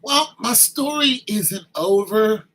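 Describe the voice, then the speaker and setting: A man's voice: high-pitched, expressive, slow, a bit bright, poor audio. A man vlogging a rambling, teasing comic monologue that turns to preachy advice.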